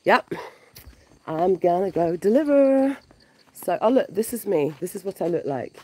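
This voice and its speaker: A woman who grew up in the UK vlogging casually outdoors in a village, gushing and excitable, often repeating her words. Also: lowish voice, measured pace, husky. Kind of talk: casual vlog narration.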